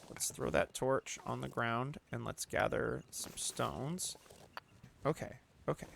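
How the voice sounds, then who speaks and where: A man hosting a let's play, commenting casually and getting excitable, swearing and shouting when things go wrong. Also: medium pitch, creaky, a little hiss or hum. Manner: talks to the player character and the audience.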